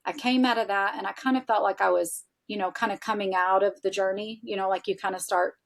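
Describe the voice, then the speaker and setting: A woman guest on an interview show, telling a personal story in a casual, animated way, full of "you know" and "like", candid and now and then swearing. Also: mid-range voice, fast talker. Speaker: interview guest, integrative health practitioner.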